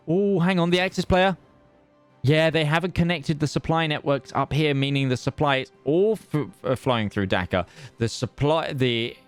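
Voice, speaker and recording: A man giving live esports commentary, chatty and excitable, full of fillers and restarts. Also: fairly low pitch, smooth. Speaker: esports caster.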